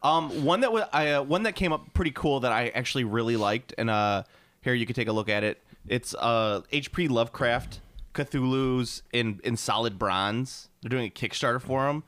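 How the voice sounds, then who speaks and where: A man's voice: medium pitch, normal speed, a bit bright, no echo. A man co-hosting a podcast in casual chat, easygoing and a bit hesitant. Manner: easygoing, hesitant, short replies. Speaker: podcast co-host.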